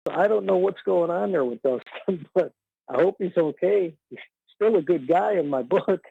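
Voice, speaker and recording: Gravelly male caller on a tinny phone line. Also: sits high, lively intonation, moderate pace, dry recording. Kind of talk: call-in talk radio. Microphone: telephone.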